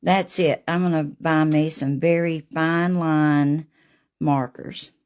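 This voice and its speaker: A woman hosting a live painting demo, chatting warmly with viewers by name as she works. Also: low-pitched, fairly even intonation, slow, clean tone. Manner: homey and gushing, talks to viewers by name.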